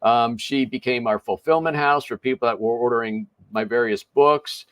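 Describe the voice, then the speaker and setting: A man's voice: medium pitch, normal speed, clean tone, dry recording. An older man hosting a podcast interview, telling a story casually with chuckles and restarts. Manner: chatty, chuckling, self-interrupting. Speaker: podcast host.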